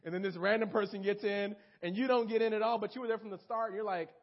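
High-voiced young preacher, lo-fi. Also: male voice, fast talker. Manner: animated, talks straight to listeners, acts out quotes. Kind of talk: informal sermon. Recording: dull lo-fi recording.

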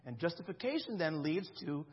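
A man's voice: a little high, expressive, brisk, slightly rough, dull audio. A man in his thirties preaching a sermon in a conversational way, often checking in with the congregation. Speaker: pastor.

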